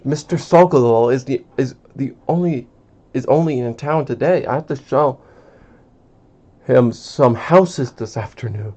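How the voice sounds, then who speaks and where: A man's voice: medium pitch, unhurried, warm tone, lightly acted. Frazzled busy mom, read by a man. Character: frazzled busy working mother. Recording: dull lo-fi.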